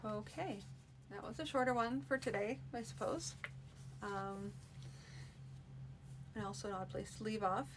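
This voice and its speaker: A woman reading a fantasy manuscript aloud in a steady, unpolished live-streamed reading. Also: mid-range voice, unhurried, long pauses, noisy background. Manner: steady reading with frequent restarts. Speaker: narrator.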